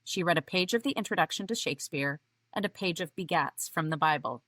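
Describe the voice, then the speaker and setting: A woman's voice: on the low side, animated, fairly quick, a bit bright, dry recording. A middle-aged woman co-hosting a podcast, talking earnestly and reading book passages aloud. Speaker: podcast co-host. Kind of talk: casual podcast conversation with read-aloud passages.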